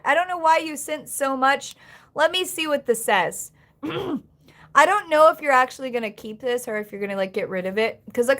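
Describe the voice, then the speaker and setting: A woman's voice: high-pitched, vocal fry, a bit bright. A young woman live streaming, chatting casually and rambling with lots of fillers and giggles as she thanks viewers.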